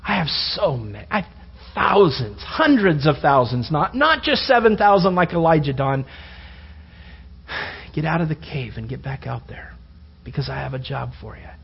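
God figure, voiced by a male preacher, firm, fatherly, hushed, husky, lo-fi. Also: high-pitched, steady tone, fairly quick. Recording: dull lo-fi sermon recording.

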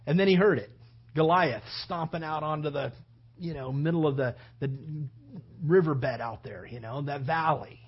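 Animated conversational male preacher. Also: on the high side, normal speed, husky, highs cut off. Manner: conversational, animated, acts out scenes. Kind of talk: sermon storytelling.

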